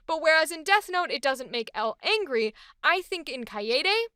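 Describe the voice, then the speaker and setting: A woman's voice: high voice, animated, moderate pace, bright, forceful tone, dry recording, studio quality. A woman voice actress chatting enthusiastically about a character she is voicing. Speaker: voice actress hosting a character series. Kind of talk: casual chat.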